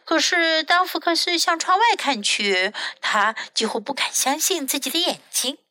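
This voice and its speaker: A woman teacher reading a bilingual picture book to children, gentle and clear. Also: high-pitched, moderate pace, no room sound.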